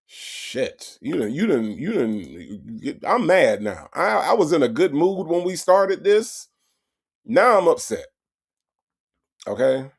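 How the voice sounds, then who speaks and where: A man hosting a casual livestream, reacting with animated, profane commentary and talking straight to his chat, often repeating himself. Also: fairly high pitch, slow, gravelly, husky.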